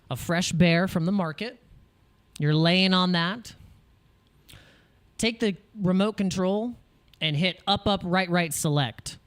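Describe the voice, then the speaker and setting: This crypto livestream host from the United States has a high, clean-toned voice and chats casually, full of rambling jokes. Espresso has him jittery, so frequent laughs and restarts break up his talk.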